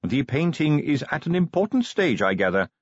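A man voicing a prim, smooth-spoken middle-aged butler with a formal, deferential manner in an audiobook. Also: on the high side, very animated, moderate pace, no echo, lo-fi sound, voice pushed up.

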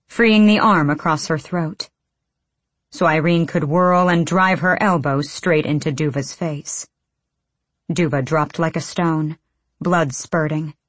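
Female audiobook narrator, low voice, intense and measured reading. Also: no echo.

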